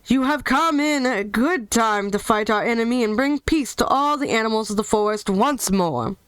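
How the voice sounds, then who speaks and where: A woman's voice: a little high, normal speed, fairly bright tone, smooth, no room sound, natural voice. A woman reading aloud, voicing a grave tiger who leads the forest beasts. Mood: solemn.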